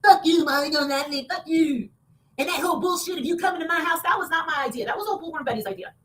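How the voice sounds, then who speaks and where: A woman talking in a heated, casual rant, swearing often and breaking into loud outbursts. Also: high-pitched, a little hiss or hum. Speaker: online show guest.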